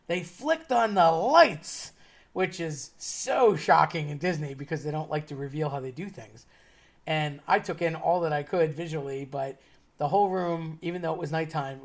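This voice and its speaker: Low-voiced woman telling a chatty anecdote. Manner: chatty, laughs while telling. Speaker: storyteller. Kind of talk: casual personal anecdote.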